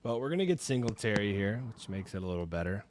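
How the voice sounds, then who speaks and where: A man's voice: fairly low pitch, big pitch swings, fast talker, slight background noise. A man co-hosting a live fantasy football draft stream, chatting casually with dry, laid-back one-word replies. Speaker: podcast co-host.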